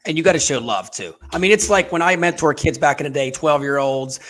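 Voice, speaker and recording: A man hosting a casual business talk show, talking in an animated, folksy way and speaking straight to viewers. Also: fairly high pitch, brisk. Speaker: podcast host. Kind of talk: casual conversational interview.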